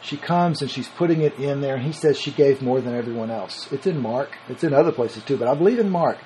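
A man's voice: mid-range voice, brisk, dark tone, a little hiss or hum, low-quality recording. A man teaching a sermon on scripture in a conversational way, reasoning aloud and restarting his sentences. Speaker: Bible teacher.

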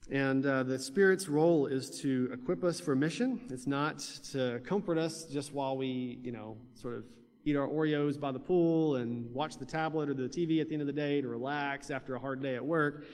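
A man's voice: mid-range voice, normal speed, a little mellow. A man preaching a sermon in a conversational way, with fillers and restarts. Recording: long hall reverb.

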